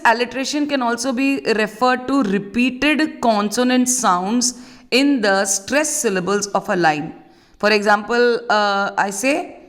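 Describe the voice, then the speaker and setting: A woman teacher is giving a recorded literature lesson. Her voice sits a little high, and she explains patiently, repeating key points and pausing on fillers as she works through each idea. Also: fairly bright tone.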